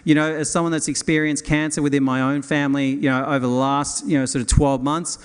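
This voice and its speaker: Man, middle-aged, conference host, enthusiastic, rambling, fairly high voice, smooth clear tone. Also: flat delivery, quick pace. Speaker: event host. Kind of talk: conference stage introduction. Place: hotel conference hall.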